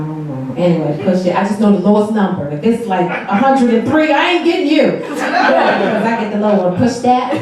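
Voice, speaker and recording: A woman, performing a stand-up comedy set on a dark theater stage and talking straight to the crowd. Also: mid-range voice, heavy reverb, far from the mic, slight background noise, rough recording. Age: 40s. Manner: chatty, addresses the crowd directly, laughs between jokes. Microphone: handheld stage mic.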